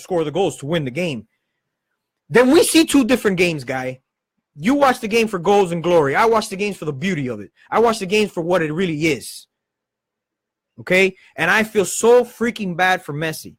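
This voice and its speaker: A man hosting a live football show, ranting with passion and swearing, in fast heated bursts. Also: high voice, a bit bright, no echo. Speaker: football channel host. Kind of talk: passionate live-stream rant.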